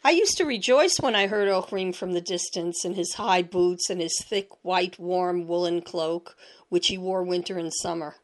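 A woman narrating a storybook tale in a measured, expressive reading voice. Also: on the low side.

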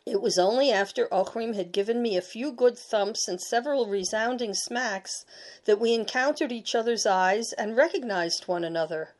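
A woman narrating a storybook tale in a measured, expressive reading voice. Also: on the high side.

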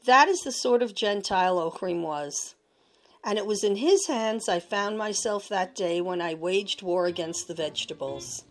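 A woman narrating a storybook tale in a measured, expressive reading voice. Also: mid-range voice.

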